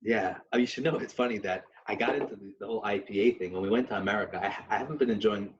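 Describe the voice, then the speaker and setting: A man co-hosting a podcast, chatting casually and telling stories in an animated way, with Yiddish phrases mixed in. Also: lowish voice, rapid-fire. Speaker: podcast co-host. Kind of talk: casual chat and storytelling. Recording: slightly muffled audio.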